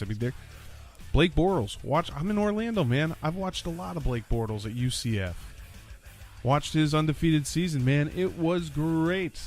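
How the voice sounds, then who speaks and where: A man hosting a casual solo sports podcast, talking in an animated, rambling way and repeating lines for emphasis. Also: medium pitch. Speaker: podcast host. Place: lives in Orlando.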